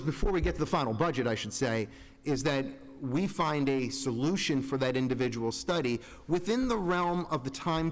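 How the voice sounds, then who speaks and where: Earnest rambling man in a hall. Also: fairly high pitch. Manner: rambling, earnest, self-interrupting. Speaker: school board member. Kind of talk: public meeting remarks. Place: large school meeting room. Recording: reverberant hall.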